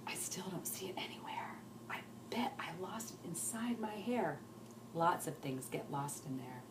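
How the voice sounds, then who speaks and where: Loud Lips Lucy, a woman doing her, a brash loud girl. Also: sits high, big pitch swings, measured pace, noisy background, pitched above the performer's own voice. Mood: dismayed. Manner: shouting, dramatic, sassy. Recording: roomy echo.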